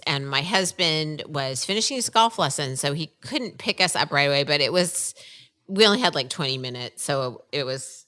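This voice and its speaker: Low-voiced woman from northern virginia, bright tone, animated storytelling on a casual podcast. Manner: animated storyteller, laughs often. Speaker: podcast co-host. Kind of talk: casual chat.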